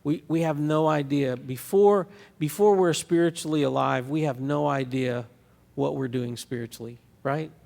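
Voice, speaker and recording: Gravelly-voiced pastor preaching in a reverberant hall. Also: male voice, on the high side, moderate pace, darkish tone. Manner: conversational preaching with frequent restarts and fillers. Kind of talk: sermon. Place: church sanctuary.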